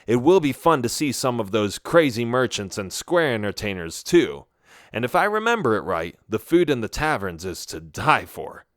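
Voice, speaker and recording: A man voicing a young male elf hunter in a slow, measured way. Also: mid-range voice, big pitch swings, fairly bright tone, no echo, clean studio sound. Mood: easygoing.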